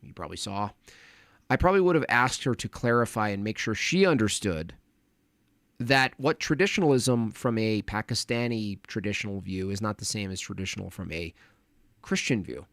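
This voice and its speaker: A man's voice: on the low side, moderate pace, a bit bright, dry recording. Man rambling through a casual livestream. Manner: rambling, distracted, mutters to himself. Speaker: livestream host reading chat donations.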